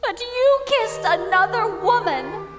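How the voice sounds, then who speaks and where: A woman's voice: very high-pitched, lively intonation, slow, over music, exaggerated voice. A teenage actress playing a glamorous, theatrical showgirl bride who speaks in a grand, melodramatic way, in a school stage musical. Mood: dramatic. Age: teens. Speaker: Janet, the bride. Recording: stage mic in a reverberant auditorium.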